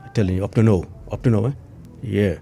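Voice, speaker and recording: A man's voice: lowish voice, steady tone, fast, gravelly, warm tone, breathy edge. An older man with a Trinidadian accent, a retired police inspector recounting events emotionally as a guest, full of local slang and repetition. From Trinidad and Tobago. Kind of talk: emotional interview recollection.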